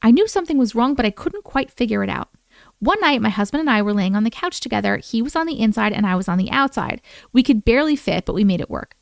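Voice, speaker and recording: A woman hosting a live stream, reading viewer stories aloud and reacting with animated exclamations and swearing. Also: on the high side, fast talker, vocal fry, no room sound.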